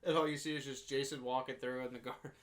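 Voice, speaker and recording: A man chatting loosely on a podcast, retelling scenes from a slasher film. His voice sits at an ordinary middle pitch, and he laughs often, stumbles into restarts and pops up in pitch to quote characters. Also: steady tone, quick pace. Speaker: podcast co-host. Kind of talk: casual movie recap chat.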